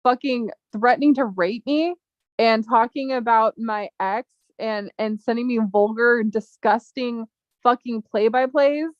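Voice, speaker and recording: A woman running a casual live chat who swears freely and rambles from one thought to the next. Her voice sits fairly high and sounds dry and close, with no room around it. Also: unhurried, dry recording, muffled recording. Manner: angry, profane, rambling. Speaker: chat host.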